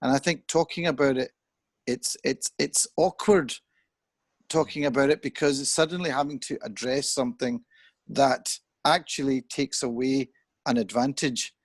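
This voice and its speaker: A man's voice: medium pitch, steady tone, normal speed, no room sound. Earnest middle-aged man thinking aloud. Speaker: discussion guest. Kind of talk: conversational discussion. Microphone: video call.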